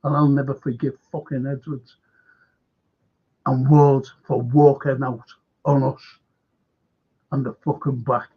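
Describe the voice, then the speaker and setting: On dull lo-fi audio, a man with a medium-pitched, breathy-edged voice speaks in a level tone, unhurried, with long pauses. Hosting a fan football show, he rants heatedly in an angry monologue, swearing constantly and repeating himself.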